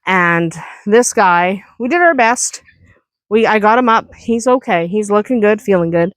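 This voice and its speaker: A woman's voice: medium pitch, expressive, unhurried, dry recording. Woman farmer chatting to camera outside, kinda worn out, dry close sound. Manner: chatty and reassuring, talking while walking around the farm. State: tired and sore after heavy lifting. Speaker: farm vlogger. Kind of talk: casual vlog chat. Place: outdoors on a farm.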